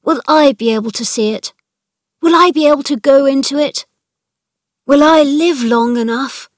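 A woman's voice: on the high side, lively intonation, normal speed, dry recording, clean studio sound. A woman voicing a pale, sickly young boy who fires off eager, breathless questions in a storybook reading.

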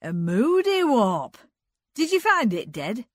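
Woman voicing a slow, stubborn young farmhand. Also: on the high side, very animated, no echo, studio quality, voice pushed up, heavily acted. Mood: teasing. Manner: broad rural dialect, halting. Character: young farming man, slow, stubborn, shy.

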